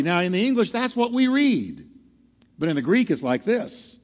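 A man preaching a teaching sermon to a congregation, animated and often asking the audience questions. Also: high voice, normal speed. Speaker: pastor. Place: church hall with live audience. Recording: long hall reverb.

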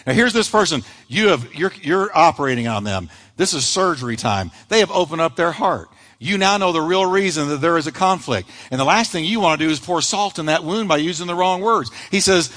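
Pastor, man, lively sermon delivery, higher-pitched voice, long hall reverb. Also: a little fast. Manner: animated preaching, acts out quoted lines.

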